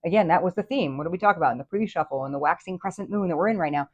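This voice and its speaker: Female tarot host, low-ish voice, chatty and easily excited, rambling delivery. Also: rapid-fire, highs cut off. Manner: excitable, enthusiastic, chatty with many fillers and restarts. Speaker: tarot reader and channel host. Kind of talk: casual tarot reading to camera.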